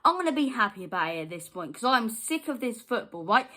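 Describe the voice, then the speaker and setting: A woman hosting a football fan channel, delivering a heated, exasperated post-match reaction rant that swings from low grumbling to loud outbursts and repeats points for emphasis. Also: big pitch swings, quick pace.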